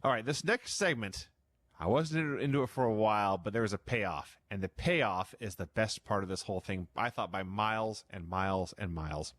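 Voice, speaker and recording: A man's voice: fairly low pitch, moderate pace, a bit bright, no room sound. A man co-hosting a podcast in casual chat, telling a show's events as a running recap. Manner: storytelling recap, amused. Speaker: podcast co-host.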